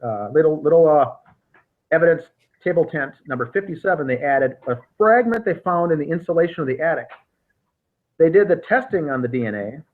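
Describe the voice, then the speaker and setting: Man, podcast host, methodical, restarts often, slightly high voice, tinny phone-like sound. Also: expressive, a little fast. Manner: recounts details methodically, with frequent restarts. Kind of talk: casual investigative discussion.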